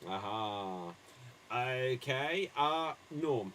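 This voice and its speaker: A man hosting an improv comedy show, calling on players and delivering pun jokes with a dry pause. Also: medium pitch, lively intonation, fairly bright tone. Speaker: improv game host.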